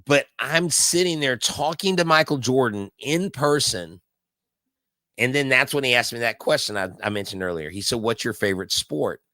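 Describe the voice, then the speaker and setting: A man's voice: medium pitch, expressive, normal speed, pushed and bright, no echo. A man hosting a casual live baseball watch-along, telling stories in a rambling way full of fillers and restarts. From Houston area. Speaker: live stream host.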